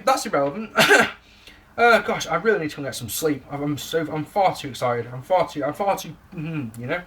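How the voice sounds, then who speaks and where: An Englishman rants through a casual review of a wrestling show, swearing freely. His bright voice leaps up and down in pitch as he gets worked up. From England. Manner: animated, sweary ranting.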